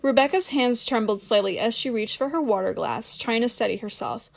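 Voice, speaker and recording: A woman's voice: on the high side, animated, brisk, vocal fry. Woman reading an audiobook. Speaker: audiobook narrator. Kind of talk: scripted audiobook narration.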